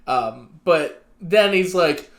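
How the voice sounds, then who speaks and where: A young man with a slightly high voice chats on a podcast, lively and rambling. He fills his talk with "like" and "um" and slips into quick impressions of the people he describes. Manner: animated, acts out quotes, many fillers. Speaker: podcast co-host. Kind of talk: casual chat.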